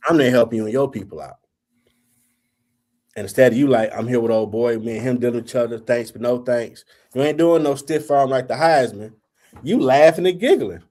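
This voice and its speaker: Speaking fairly quickly in a mid-range voice, a male podcast host tells a story during easygoing talk-show chatter. He brings the quoted lines to life with animated acting and plenty of swearing.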